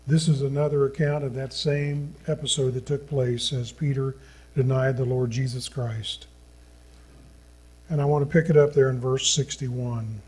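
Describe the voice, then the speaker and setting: A man preaching a sermon as a pastor, reading scripture in an earnest, slow manner that sinks to a hushed tone at solemn points. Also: medium pitch, husky, low-quality recording.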